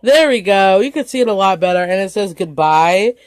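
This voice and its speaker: A young woman in her twenties chatting casually to her vlog camera, talkative and easily excited, often breaking into giggles. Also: medium pitch, brisk, dry recording. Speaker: vlogger.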